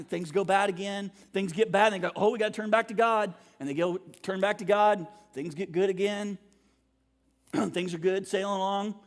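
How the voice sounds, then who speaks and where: A man preaching a sermon as pastor, talking in a casual, conversational way and clearing his throat now and then. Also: high voice. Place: church sanctuary. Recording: long church hall reverb.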